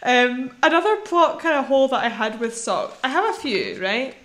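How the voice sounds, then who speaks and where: A woman's voice: high voice, big pitch swings, normal speed, fairly bright tone. A woman co-hosting a film podcast in a casual, rambling chat. She laughs often and trails off mid-thought. The sound is echoey and roomy. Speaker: podcast co-host. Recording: echoey room.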